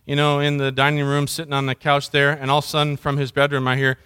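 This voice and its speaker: Middle-aged man, pastor, sermon delivery with a high-set voice, chatty and story-driven. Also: monotone, fast, a bit bright, clean tone. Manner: conversational storytelling, mimics sounds.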